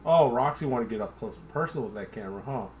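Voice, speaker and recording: A man's voice: mid-range voice, animated, fast, a little hiss or hum. Rambling, profane man on a home livestream. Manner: rambling, profane, self-deprecating; talks to his dog. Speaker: livestream host. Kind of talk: casual livestream chat while drinking.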